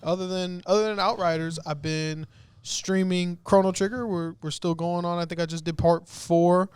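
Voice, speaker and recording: High-voiced man co-hosting a podcast. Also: moderate pace, smooth, dry recording. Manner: relaxed, laughs while telling stories. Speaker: podcast co-host. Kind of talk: casual chat.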